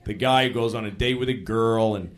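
A man performing a stand-up set on a live stage, talking conversationally with incredulous asides and sudden loud outbursts. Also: lowish voice, normal speed. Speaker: stand-up comedian.

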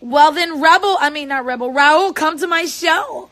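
High-voiced playful young woman, chatty. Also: normal speed, a bit bright. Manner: playful, rambling, makes silly noises. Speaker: singer livestreaming on tour. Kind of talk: casual livestream chat.

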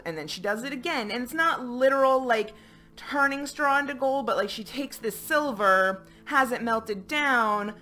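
A woman's voice: a little high, bright, forceful tone. A woman giving a casual, chatty book review with lots of fillers and playful asides.

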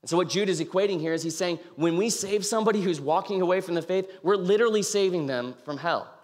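A man's voice: sits high, fast talker. A young man giving an informal sermon, telling the story casually with many fillers and acting out the people he quotes. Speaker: campus ministry speaker. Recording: reverberant hall.

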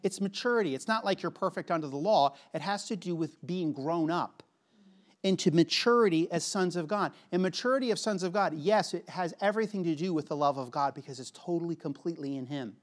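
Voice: medium pitch, fairly quick. A preacher giving a conversational sermon in a church, chatty and casual, repeating words for emphasis and acting out what other people would say.

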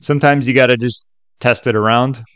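A man at a middling pitch, talking casually through a tutorial and filling his sentences with "like" and "okay". His voice sits close and dry on a desk mic, with no room sound. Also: fairly even intonation, a little fast, fairly bright tone, dry recording. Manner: loose and chatty, many fillers like "like" and "okay". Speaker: tutorial host. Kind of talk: casual screen-recorded tutorial.

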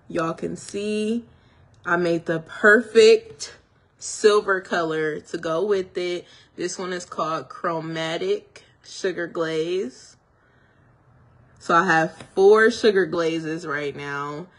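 A woman's voice: fairly low pitch, slow. A woman hairstylist chatting casually to her viewers about her products, gushing and a little tongue-tied from her retainers. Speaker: hairstylist and small business owner. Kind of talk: casual product reveal vlog.

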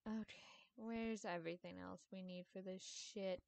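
A woman's voice: medium pitch, steady tone, measured pace, creaky, darkish tone. A woman giving casual gameplay commentary, upset and exasperated, rambling and swearing freely. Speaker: gamer.

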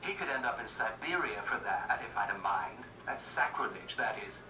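A man's voice: lowish voice, animated, normal speed, background noise, close to an everyday voice. A man playing a brash, impatient young man who talks bluntly and scornfully. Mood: boastful. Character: brash young merchant's son, rough, impatient. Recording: roomy echo, distant mic, music behind.

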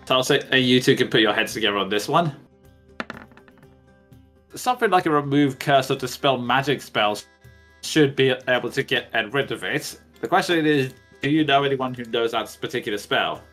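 A man narrating as game master, halting and often restarting his words. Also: mid-range voice, a bit bright, soft background music.

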